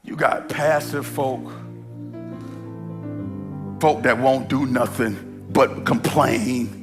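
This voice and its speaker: A man preaching an energetic sermon at a church service. He shouts, stretches his words for emphasis and speaks straight to the congregation. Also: mid-range voice, drawn-out words, over music. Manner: addresses the congregation directly. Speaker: pastor.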